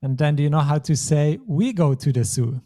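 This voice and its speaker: A man's voice: fairly high pitch, fairly quick, dark tone. A man teaching a language lesson, explaining patiently step by step. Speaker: German teacher.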